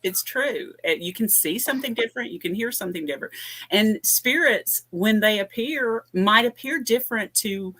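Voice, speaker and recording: A woman's voice: a little high, expressive, moderate pace, fairly bright tone. A woman from the American South, a guest in a casual chat, earnest and agreeable.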